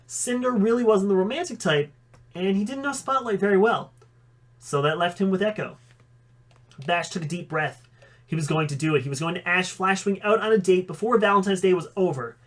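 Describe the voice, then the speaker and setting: A man's voice: high voice, brisk. Male storybook reader, amateur, self-correcting. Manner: reads with occasional slips and self-corrections. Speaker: audiobook reader. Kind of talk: storybook reading.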